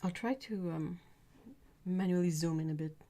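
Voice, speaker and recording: A woman's voice: fairly low pitch, moderate pace, mellow. Giggly French Canadian woman streaming. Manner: giggly, laughs often between sentences. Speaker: art livestream host. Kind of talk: casual livestream chat while painting.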